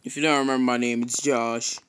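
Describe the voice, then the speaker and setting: A man giving casual gameplay commentary, swearing constantly and breaking into loud frustrated outbursts. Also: mid-range voice, flat delivery, a little fast, a little hiss or hum, rough recording. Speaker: gamer and YouTuber.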